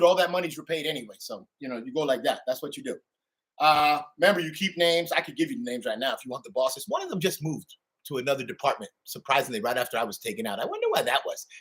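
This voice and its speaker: The host of a channel, a middle-aged man, swears his way through a ranting monologue, his voice veering between shouted bursts and low muttering.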